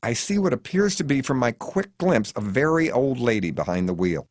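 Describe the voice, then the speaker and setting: A man's voice: medium pitch, moderate pace, no echo, clean studio sound. An American man reading his own memoir as an audiobook, telling it in a wry, vivid way. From United States. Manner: wry, vivid storytelling with lively intonation. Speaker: author narrating his memoir.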